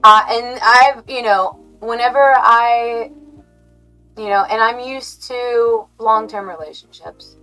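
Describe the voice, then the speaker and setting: An American woman hosting a livestream, chatting to her viewers in a rambling, halting way that keeps correcting itself and breaks into giggles. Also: a little high, bright, forceful tone, soft background music, rough recording. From United States. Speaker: livestream host. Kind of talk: casual stream chat to viewers.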